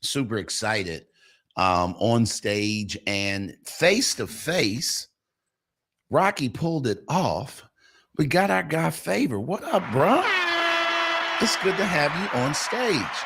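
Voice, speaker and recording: A man's voice: mid-range voice, lively intonation, takes it slowly, a bit bright, slightly rough. A man hosting a casual morning show over a video call, bantering and teasing in a folksy, playful way. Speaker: host.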